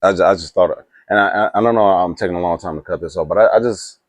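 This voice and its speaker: A man chatting casually to camera about movies, rambling with restarts and asides and getting excited. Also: low-pitched, fast talker, no room sound. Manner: animated and excitable. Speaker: movie reaction YouTuber.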